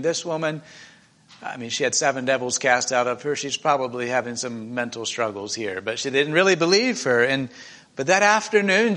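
A man's voice: high-pitched, bright, forceful tone. A man preaching in a church meeting, retelling a scripture story in an emotional, conversational way with many restarts.

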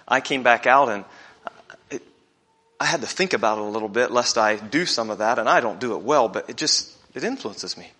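Bright-voiced man preaching a sermon. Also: medium pitch. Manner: conversational, slows down to stress scripture, asks the congregation questions.

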